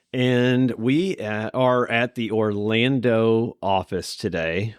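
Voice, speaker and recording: A man's voice: low voice, no echo, clean studio sound. A man with a Kentucky accent hosting a podcast interview in an office room, chatting in a rambling, self-deprecating way. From Kentucky, USA. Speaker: podcast host.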